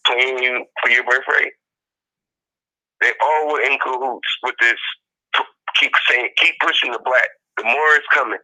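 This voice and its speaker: A podcast co-host gives loose, casual commentary on a clip in a very bright, forceful, medium-pitched voice. He keeps circling back to the same points and mimics whatever he quotes, and the audio quality is poor.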